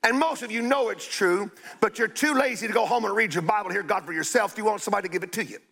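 Older man preaching a scolding sermon, high and gravelly, blunt with drawn-out shouted emphasis.

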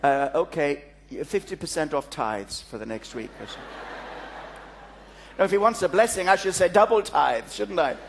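A man's voice: fairly high pitch, animated, normal speed, creaky, soft background music. A man, a pastor, preaching a sermon to a congregation, telling a story with playful asides. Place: church before a congregation.

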